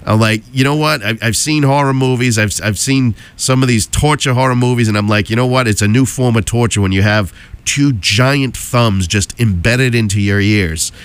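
A man with a hoarse, froggy voice from a cold, working as a radio DJ and chatting casually on air from a station studio, rambling with jokey asides. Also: mid-range voice, normal speed.

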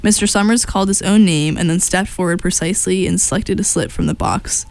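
A woman reading a short story aloud in a plain, steady way, with a few slips and restarts. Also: fairly low pitch, a little fast, gravelly. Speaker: story reader.

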